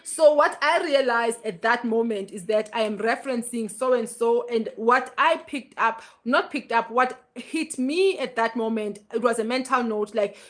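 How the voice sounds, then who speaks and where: Live-stream host, woman, casual storyteller, a touch high in pitch. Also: measured pace, few pauses. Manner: chatty, storytelling, asks viewers for likes.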